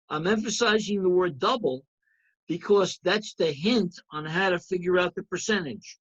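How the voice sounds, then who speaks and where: A man's voice: high-pitched, sing-song, a little slow, a bit bright, husky, lo-fi sound. A man teaching an accounting review lecture, emphatic, repeating key points and checking in with students. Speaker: accounting instructor.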